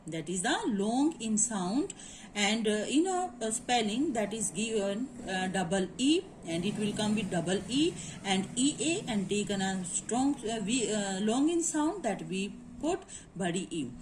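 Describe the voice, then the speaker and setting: A woman's voice: mid-range voice, expressive, a little slow, noisy background. A woman teacher with an Indian English accent, explaining grammar in a lecture and checking that students follow. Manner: explanatory, repeats points and asks "is it clear?". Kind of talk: classroom lecture.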